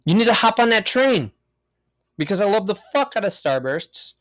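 With a high, sing-song and slightly bright voice, a man talks at a moderate pace through his casual solo podcast. The monologue is rambling, profane and full of jokes.

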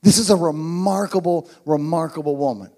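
A man's voice: on the high side, moderate pace, warm tone. A man preaching a sermon as pastor, emphatic and repeating his key phrases.

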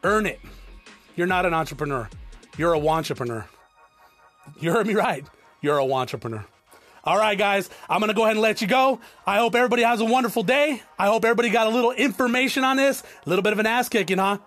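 A man's voice: sits high, fast talker, a bit bright, soft background music. A man in his forties from South Tucson giving a blunt, profane motivational talk to his viewers. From South Tucson, Arizona. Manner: blunt, profane, preachy, addresses viewers as guys. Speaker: entrepreneur vlogger. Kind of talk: motivational monologue to camera.

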